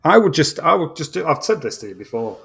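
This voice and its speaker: A man's voice: fairly high pitch, sing-song, fast, vocal fry, fairly bright tone, husky. A man with a British accent, originally from Australia, ranting bluntly and swearing constantly as a guest football fan on a casual podcast. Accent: British English.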